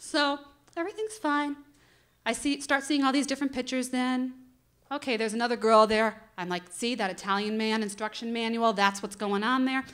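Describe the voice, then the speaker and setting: A woman in her thirties from the northeastern United States tells a live story to a crowd, animated and quick to laugh at herself. Her voice sits a little high and rings sharp and bright. She talks into a stage mic. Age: 30s. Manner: animated, self-mocking, laughing often. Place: bar venue before an audience.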